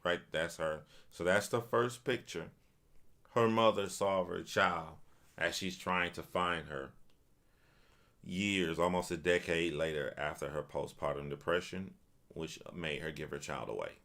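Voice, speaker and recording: A man's voice: sits low, unhurried, a bit bright. A man streaming casual commentary, reading a news article aloud and stopping to react with stunned remarks and repeated phrases. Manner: repeats himself and restarts phrases.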